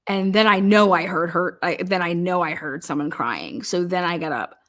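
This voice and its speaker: A woman's voice: lowish voice, expressive, normal speed, a bit bright. A flustered young woman witness, as a woman puts her on in mockery answers in a hesitant, stumbling way. She sounds evasive and vague and keeps restarting her sentences. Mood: defensive. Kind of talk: mocking role-play.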